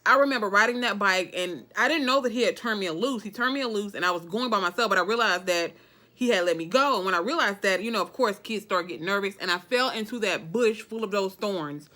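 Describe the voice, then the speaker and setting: Woman, Southern accent, casual vlog talk, emphatic, crisp bright tone. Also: medium pitch, fast. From Alabama, US. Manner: chatty, emphatic, keeps saying okay, dialect grammar. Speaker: vlogger. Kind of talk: casual motivational talk to camera.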